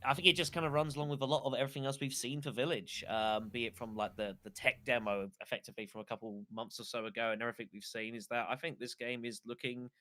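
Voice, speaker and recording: A man guesting on a gaming podcast, delivering dry sarcastic jokes in a measured way. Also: medium pitch, little pitch movement, fairly bright tone. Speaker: YouTube and Twitch creator guest. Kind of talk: casual podcast chat.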